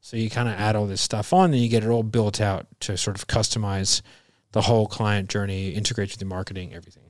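A man's voice: fairly low pitch, quick pace, no echo, clean studio sound. A man hosting a casual podcast chat, telling stories animatedly and acting out the people he quotes with bursts of laughter. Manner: animated storyteller, acts out quoted voices with laughs. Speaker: podcast host.

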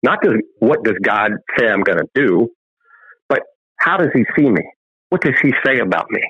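A man's voice: on the low side, big pitch swings, normal speed, slightly rough, no room sound. Male guest preacher-storyteller, fervent, acts out scripture voices, muffled remote line. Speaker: guest, filmmaker and ministry founder.

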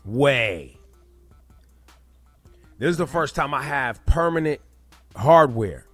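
A man's voice: mid-range voice, lively intonation, takes it slowly, a bit bright, dry recording, soft background music. A man hosting a morning radio show, joking bluntly and rambling loosely in casual banter from a studio mic. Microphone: studio microphone.

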